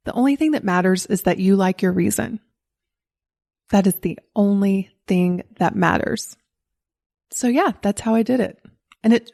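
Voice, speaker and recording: Candid encouraging woman podcast host. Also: mid-range voice. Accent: neutral American, faint Southern. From Southern United States. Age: 40s. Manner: candid and encouraging, laughs often. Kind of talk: solo podcast monologue.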